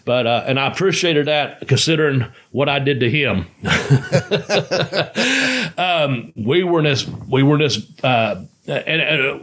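A man's voice: medium pitch, lively intonation, a little slow, fairly bright tone. A man in casual conversation, telling rambling, profane stories and laughing as he goes. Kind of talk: casual storytelling chat.

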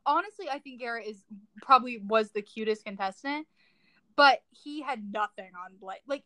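A young woman co-hosting a podcast, chatting in an excitable, dramatic way full of fillers. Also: a little high, moderate pace, dry recording, rough recording. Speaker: podcast co-host. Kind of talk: casual chat.

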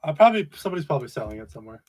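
A man's voice: fairly high pitch, big pitch swings, very fast, a little mellow, breathy edge. A young man co-hosting a casual podcast, laid-back and a little hesitant, with dry remarks. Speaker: podcast co-host.

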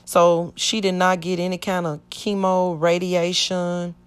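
Lower-voiced woman telling her testimony. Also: flat delivery, a little slow, clean tone. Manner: earnest, rambling, acts out quoted speech. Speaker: church member giving testimony. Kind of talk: personal testimony storytelling.

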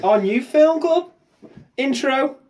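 A man's voice: extremely high pitch, animated, takes it slowly, darkish tone. A man co-hosting a comedy podcast, telling stories and teasing his friends. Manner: storytelling, teasing. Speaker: podcast co-host. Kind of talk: casual comedy banter.

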